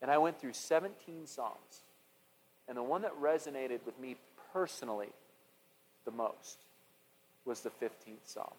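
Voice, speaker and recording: A man preaching a sermon, impassioned, swinging from loud declarations to hushed, intimate prayer. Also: mid-range voice, measured pace, pauses often, husky. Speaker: pastor. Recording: long hall reverb.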